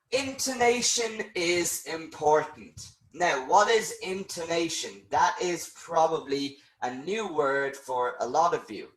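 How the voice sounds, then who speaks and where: A man teaching an online English lesson, explaining slowly and clearly and checking in with "okay". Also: fairly high pitch, reverberant, low-quality recording.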